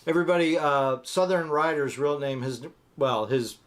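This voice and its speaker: A middle-aged man hosting a relaxed live chat. He rambles and tells long jokes, putting on voices for the people in them. His voice sits a little higher than most men's. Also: normal speed. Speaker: co-host of a live motorcycle chat. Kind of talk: casual live-stream chat, joke telling.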